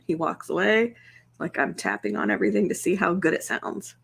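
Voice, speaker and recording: A young woman with a slightly low voice chats in an easy, rambling way. She is soft-spoken and laughs often as she goes. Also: big pitch swings, fairly quick, gravelly, slightly rough. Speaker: ASMR channel host. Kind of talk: casual chat on a livestream.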